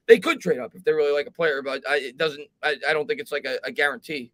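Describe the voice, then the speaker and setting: A man hosting a live sports talk stream, his voice sitting a little above the usual male pitch. He reads viewer comments aloud and talks things through with restarts and fillers, recorded close and dry. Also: fairly even intonation, fast talker, a bit bright, no echo. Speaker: host.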